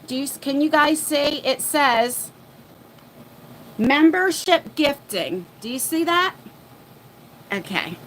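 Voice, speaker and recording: A woman hosting a casual livestream chat from her phone, flustered and chatty as she thinks out loud. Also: sits high, lively intonation, slow, pauses often, slight background noise. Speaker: livestream host. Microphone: phone mic.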